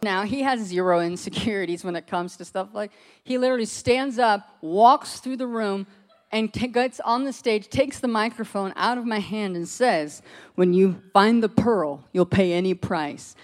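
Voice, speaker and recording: A woman's voice: mid-range voice, normal speed. A middle-aged woman telling a personal story to a group, acting out what others said and laughing often. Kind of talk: animated personal testimony.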